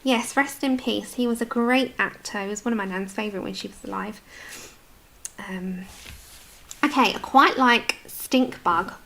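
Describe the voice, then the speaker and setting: A woman's voice: mid-range voice, unhurried, gravelly, bright, forceful tone, a little hiss or hum. A British woman in her adult years chatting casually with viewers while colouring on a livestream, answering their comments as she goes. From United Kingdom.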